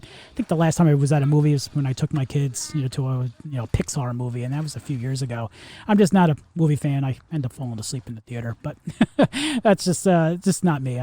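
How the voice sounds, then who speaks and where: A Florida podcast host in his forties has a fairly high voice with a dark tone. He rambles through a casual monologue full of fillers and restarts.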